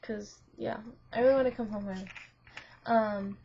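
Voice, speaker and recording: A young student vlogger with a medium-pitched, warm, creaky voice speaks at a moderate pace and a steady tone, captured on lo-fi webcam audio with slight background noise. She rambles about a dream to a friend, giggling, restarting, and saying "like" again and again.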